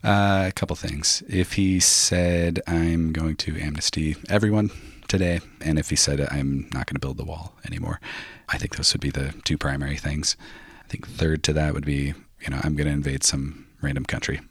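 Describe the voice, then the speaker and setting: A man's voice: very deep voice, steady tone, normal speed, gravelly, hardly any pauses, no echo, studio quality. A man interviewed as a voter, speaking plainly and casually.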